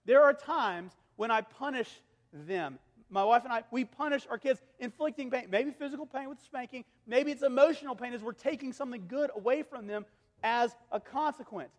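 Earnest preacher with a high voice in a reverberant hall. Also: male voice, moderate pace. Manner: earnest, swings from loud and emphatic to hushed, intimate near-whispers. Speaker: pastor. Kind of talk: sermon.

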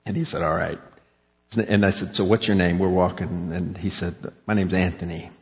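A man's voice: low voice, steady tone, normal speed. A middle-aged male pastor telling a personal story in an earnest sermon, then closing in prayer. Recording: long hall reverb.

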